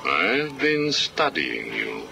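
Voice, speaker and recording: Game villain psychiatrist: very low, slow, coldly menacing, lively inflection, music bed. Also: male voice, gravelly, full character voice. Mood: menacing calm. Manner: slow, measured, coolly menacing interrogation. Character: cold calculating male villain psychiatrist, middle-aged. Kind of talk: video game cutscene acting. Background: background music.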